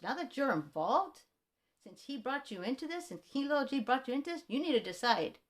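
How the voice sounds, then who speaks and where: A woman tells a grievance in an angry, indignant voice, pitched in the ordinary middle of the female range. She builds her case point by point and acts out her side of past phone calls. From Mexican-American. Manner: heated, indignant, retells calls with quoted replies. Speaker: music publishing collector. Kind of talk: angry personal rant.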